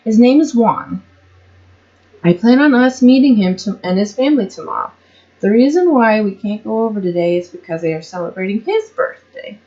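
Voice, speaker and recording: A woman's voice: mid-range voice, animated, normal speed, mellow, lo-fi sound, close to an everyday voice. A woman reading as a fussing, scolding mother. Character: fussy caring mother, middle-aged woman.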